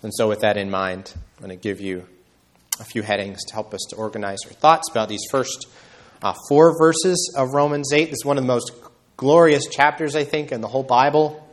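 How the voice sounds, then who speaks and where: A male pastor delivering a sermon in an earnest voice of ordinary middle pitch. He leans hard on key words, lifting and slowing them for emphasis, then drops back to a quieter, conversational level. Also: steady tone. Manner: earnest preaching with emphatic rises and slow stresses.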